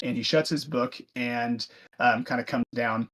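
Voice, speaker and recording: Casting note: relaxed male game master, mid-pitched, loose narration full of ums. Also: normal speed. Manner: casual, loose, many fillers.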